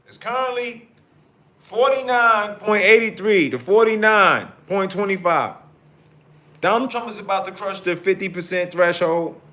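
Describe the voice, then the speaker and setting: A male host giving excited live election-night commentary, repeatedly reading out vote counts. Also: high-pitched, measured pace, reverberant.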